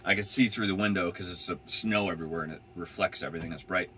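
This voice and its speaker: A man's voice: deep voice, fairly even intonation, fast, pushed and bright, a little hiss or hum. A young man telling a van-life story in a casual, rambling way, full of fillers and swearing. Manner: rambling, laid-back, swears freely, many "like" fillers.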